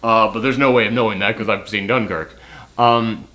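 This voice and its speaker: A man's voice: on the low side, fairly even intonation, moderate pace, bright, forceful tone. A man chatting casually as he reviews a film, rambling with lots of fillers.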